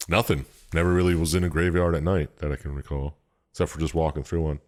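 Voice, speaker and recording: A man's voice: very deep voice, flat delivery, fairly quick. A man co-hosting a podcast, laid-back and crude in casual banter with friends. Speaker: podcast co-host.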